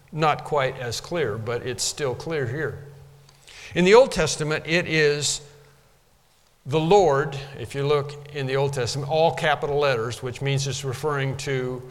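A man preaching a sermon with a slightly high voice that echoes through a large hall. He teaches from scripture in an emphatic way, lifting his voice on the words he stresses. The long reverb makes him sound as if he is heard from the pews. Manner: emphatic preaching, rising to stress key phrases. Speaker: pastor.

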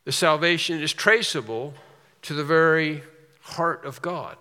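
Bright-voiced preacher in a reverberant hall. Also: male voice, a little high, unhurried. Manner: earnest preaching with rising emphasis and storytelling asides. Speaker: pastor. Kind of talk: sermon.

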